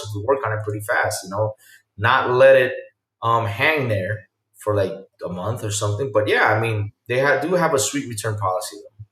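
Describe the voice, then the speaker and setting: A man hosting a casual live-streamed podcast, reacting with loud exclamations and reading viewer chat aloud. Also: medium pitch, reverberant, far from the mic.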